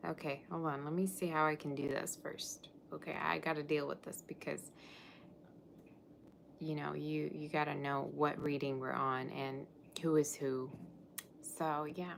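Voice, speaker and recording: Woman doing a live tarot stream, low voice, rambly and chatty, faint hum behind. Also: level tone, unhurried, vocal fry. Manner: chatty, scattered, self-interrupting. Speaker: tarot reader. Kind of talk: casual live-stream chat.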